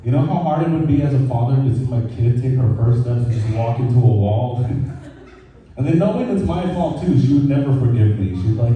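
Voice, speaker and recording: Man, stand-up comedy, casual and swearing, dark mellow voice, echoey distant sound. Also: mid-range voice, expressive, brisk. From Mexican heritage. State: dry mouth. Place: brewery comedy stage, echoey room. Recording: echoey room from far off.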